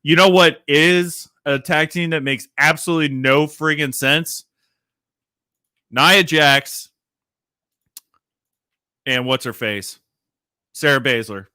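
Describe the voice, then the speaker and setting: A livestream host chats and rambles with energy, swearing loosely and laughing at himself. His bright, forceful voice is a little high and slow, with long pauses and a clear, resonant tone, recorded close and dry with no room sound.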